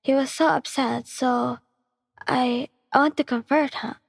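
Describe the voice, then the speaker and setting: Brief: woman doing a scared young girlfriend, raised pitch, pleading, breathy, reverby. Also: steady tone, a little slow, clean studio sound, full character voice. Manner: pleading, stammering.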